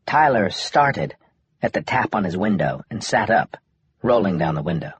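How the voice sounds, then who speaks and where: Husky, low-voiced male audiobook narrator. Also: normal speed, dry recording. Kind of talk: scripted narration.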